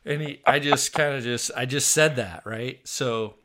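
A podcast host telling a funny story in casual chat, laughing often and acting out what others said. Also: male voice, medium pitch, unhurried. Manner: animated storyteller, laughs often, acts out quotes.

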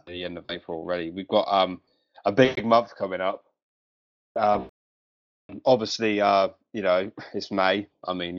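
A man hosting a casual gaming podcast, talking with many ums and pauses. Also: sits low, highs cut off. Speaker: podcast host.

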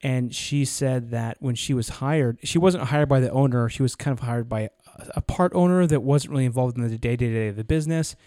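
Mellow-voiced man chatting on a podcast. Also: mid-range voice, brisk, few pauses, no echo, clean studio sound. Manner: rambling, acts out quoted people in anecdotes. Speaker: podcast co-host. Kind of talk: casual podcast conversation.

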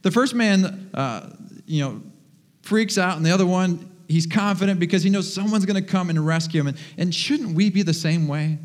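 A man preaching a sermon as pastor, animated and joking as he tells stories to his congregation in a church. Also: high voice, normal speed. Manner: animated, humorous storytelling. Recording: long reverb of a large hall.

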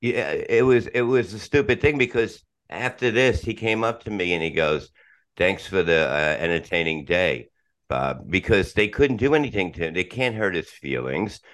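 A man's voice: lowish voice, expressive, normal speed, hardly any pauses, a bit bright. A middle-aged man chatting casually as a podcast guest, rambling and swearing, restarting sentences and laughing often.

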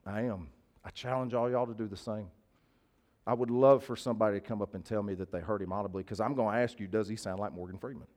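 A man's voice: fairly low pitch, steady tone, fast talker, darkish tone. A male preacher, giving a sermon in a casual, folksy way and often asking his listeners to agree. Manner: conversational, folksy, asks the crowd to agree.

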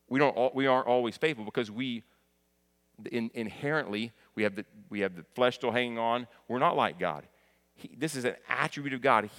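A man's voice: medium pitch, a bit bright. Man preaching in a reverberant hall. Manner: earnest, repeats key phrases for emphasis, restarts words. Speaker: pastor. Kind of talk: sermon.

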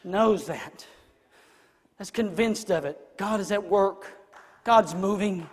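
High-voiced preacher man in an echoing hall. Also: slow pace, slightly rough. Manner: swings from hushed to shouting. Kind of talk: sermon. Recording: long reverb in a hall.

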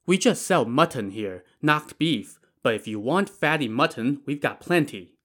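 A man's voice: mid-range voice, lively intonation, unhurried, a bit bright. A man voicing a grudging male tavern waiter who speaks matter-of-factly.

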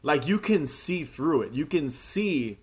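A man's voice: a little high, expressive, measured pace, husky. A young man co-hosting a casual movie-review chat, rambling and laughing often, with a lot of filler words. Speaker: podcast co-host reviewing a movie.

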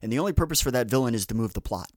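A man hosts a relaxed podcast conversation, drifting from one tangent to the next with plenty of "um"s and false starts. His voice sits at a middle pitch and sounds dry and close, with little room around it. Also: rapid-fire, no echo. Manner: rambling, many fillers and restarts. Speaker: podcast host. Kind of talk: casual podcast chat.

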